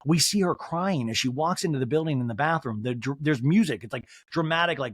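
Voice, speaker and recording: A man hosting a podcast who recaps a reality show in a joking, animated way and acts out the quotes. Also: medium pitch, fast talker, husky, no room sound, studio quality. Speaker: podcast host. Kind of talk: comedic TV recap.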